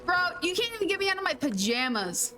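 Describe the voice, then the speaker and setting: High-voiced chatty woman streamer. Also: big pitch swings, quick pace, music in the background. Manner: chatty, laughs often, playful mild cursing. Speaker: game streamer. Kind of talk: casual gameplay chat.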